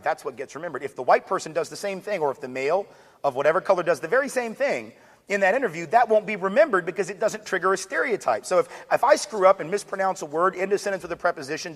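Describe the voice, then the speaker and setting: Man, higher voice, energetic lecturer with joking asides, long reverb of a big hall. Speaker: speaker on diversity. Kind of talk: public lecture.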